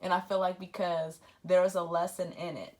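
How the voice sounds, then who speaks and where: A woman tarot reader talking casually about spirituality, acting out her own thoughts in animated quoted asides. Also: fairly low pitch, normal speed.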